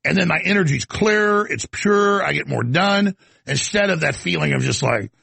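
A man's voice: on the high side, lively intonation, normal speed, gravelly, bright, forceful tone, slightly rough, dry recording. A man hosting a show and giving an off-the-cuff commentary monologue, rambling with stammered restarts and coughing now and then. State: coughing, throat irritated. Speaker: show host.

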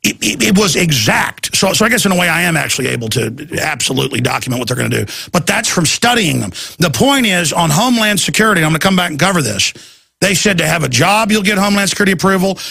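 A man hosting a talk radio show, ranting in an intense, rapid-fire, urgent way. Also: sits high, expressive, creaky, pushed and bright, slightly rough, dry recording, studio quality.

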